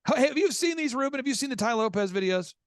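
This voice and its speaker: A man with an extremely high, lively voice talks fast as he hosts a business coaching show, recorded clean with no echo. His storytelling is animated and emphatic, with repeated words driving each point home.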